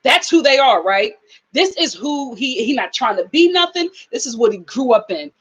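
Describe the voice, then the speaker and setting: Woman host, live aftershow commentary; high voice, animated, mimics people. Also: normal speed, slightly rough, low-quality recording.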